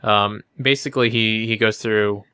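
A man's voice: lowish voice, fairly even intonation, moderate pace, sharp tone, smooth, no room sound. A man co-hosting a casual book discussion podcast, recapping chapters in a rambling way with many fillers. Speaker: podcast co-host.

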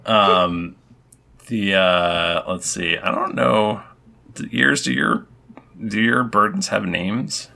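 A man narrating a tabletop game as game master, halting and full of ums. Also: fairly low pitch, gravelly, sharp tone.

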